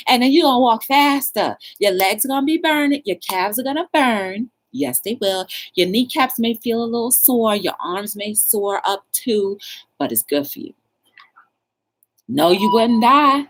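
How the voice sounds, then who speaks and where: A woman hosting her own talk show, chatting casually and coaching a viewer with playful, animated encouragement. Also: moderate pace. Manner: animated, playful, coaching with squealing high bursts and laughs.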